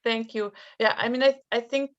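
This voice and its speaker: A woman's voice: a little high, fairly even intonation, normal speed. A woman speaking on a panel discussion, thoughtful and often restarting her sentences. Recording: dull lo-fi call audio.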